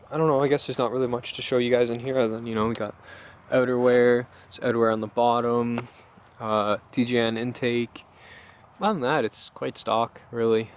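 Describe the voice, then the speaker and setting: A man's voice: medium pitch, a little hiss or hum. A man vlogging casually about his hobby car, rambling and enthusiastic, with lots of ums and uhs. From Canada. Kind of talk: casual show-and-tell vlog.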